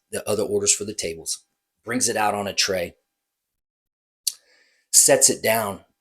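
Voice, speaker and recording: Husky man telling a bar story. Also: lowish voice, fairly bright tone. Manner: rambling, hesitant, self-correcting. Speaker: bartender. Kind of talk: casual storytelling.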